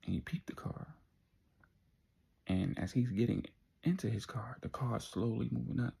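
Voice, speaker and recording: A man tells a story in a slangy, conversational way, pausing for drama. His voice is strongly gravelly and very husky. The tone is dark and mellow. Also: mid-range voice. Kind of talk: casual spoken storytelling.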